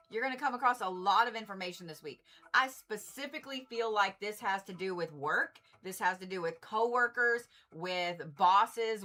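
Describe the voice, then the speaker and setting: A woman doing a casual livestream card reading, blunt and animated, swearing freely and repeating herself for emphasis. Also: mid-range voice. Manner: animated, exasperated asides. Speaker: Reiki and zodiac card reader.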